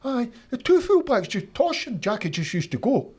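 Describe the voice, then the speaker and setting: A Scottish man, a former footballer, telling animated stories from his playing days in an interview, acting out his old coaches. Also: extremely high pitch, moderate pace, husky. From Scotland. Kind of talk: storytelling interview.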